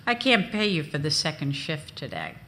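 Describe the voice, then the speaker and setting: A woman voicing a man who runs a circus hot dog counter, talking briskly and loudly. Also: deep voice, huge pitch swings, slight background noise, full character voice. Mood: offhand.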